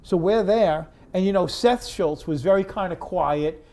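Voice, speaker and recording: A man from Long Island, a guest comedian telling an anecdote in an animated way. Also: sits high, unhurried. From Long Island, New York. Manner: animated, acts out other people's lines. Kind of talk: storytelling anecdote.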